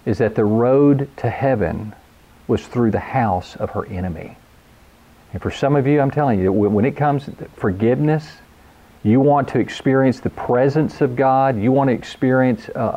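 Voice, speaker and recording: A male pastor delivers a sermon in a warm, relaxed timbre. He is earnest and emphatic, leaning on repetition to press his message home. The recording sounds somewhat dull and muffled. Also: mid-range voice. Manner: earnest preaching, quotes scripture, emphatic repetition.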